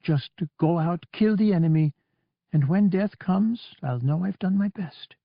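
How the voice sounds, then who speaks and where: A man's voice: high voice, a little slow, gravelly, no room sound, highs cut off, pitched above the performer's own voice. A man reading an audiobook, raising his voice to play a young woman pilot who pleads, worried and angry. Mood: pleading. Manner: pleading and insistent.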